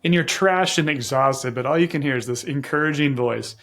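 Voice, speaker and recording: A man's voice: medium pitch, brisk, a bit bright. A man from Tennessee hosting an interview podcast, enthusiastic and affirming, telling stories in a casual way. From Tennessee, USA. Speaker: podcast host.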